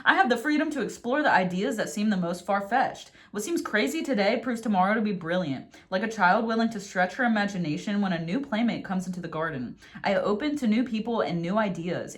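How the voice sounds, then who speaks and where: A young woman talks through a tarot reading in a loose, casual way. She works herself up into excited, cursing rants about coming together, then softens to read affirmations from her cards in a calm, slow voice. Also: medium pitch. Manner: animated, swears freely, gets worked up then reads affirmations softly. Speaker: tarot reader.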